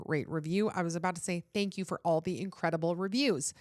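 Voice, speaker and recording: A woman's voice: on the low side, fast talker, darkish tone, no room sound, clean studio sound. A young adult woman hosting a podcast, giving earnest, pleading relationship advice in casual chat, full of "like" fillers, with a runny nose. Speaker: podcast host.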